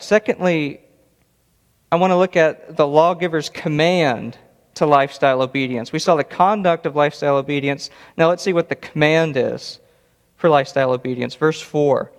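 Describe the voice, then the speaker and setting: Earnest preacher in a reverberant hall. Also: male voice, on the high side, normal speed. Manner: earnest, emphatic, repeats words for stress. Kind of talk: expository sermon. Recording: long reverb of a large hall.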